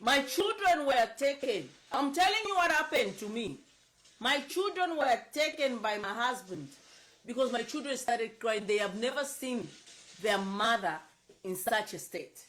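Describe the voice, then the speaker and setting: A woman from Zambia speaks in emotional political commentary, her voice swinging widely in pitch. She sounds upset and close to tears, and she presses her points by repeating them. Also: expressive, measured pace, fairly bright tone, rough recording. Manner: emotional, insistent, repeats herself. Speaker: political advocate.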